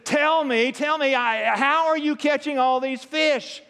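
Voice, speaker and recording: A fed-up grown man on the ice, as a male preacher acts him out begs in a high, strained, hurried voice. The sound carries a long hall reverb. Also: fairly bright tone, clear, resonant tone. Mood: exasperated. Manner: exasperated, pleading, rushed. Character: frustrated grown man ice fishing, pleading.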